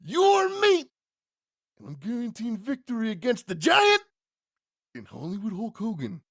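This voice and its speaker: A man doing an impression of a wild, shouting male wrestler cutting an intense promo. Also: extremely high pitch, huge pitch swings, normal speed, dry recording, studio quality, voice pushed up, exaggerated voice. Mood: intense boasting. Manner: bellowing, intense promo delivery.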